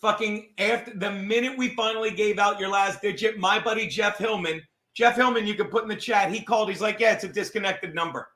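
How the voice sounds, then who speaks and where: Man, podcast host, high bright voice, profane, mocking rant. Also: steady tone, brisk, few pauses. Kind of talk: casual comedic rant. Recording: roomy echo.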